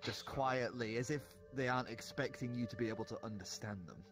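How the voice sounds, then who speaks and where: A man narrating a tabletop game as game master, in a relaxed, descriptive way. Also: medium pitch, a little fast, music in the background.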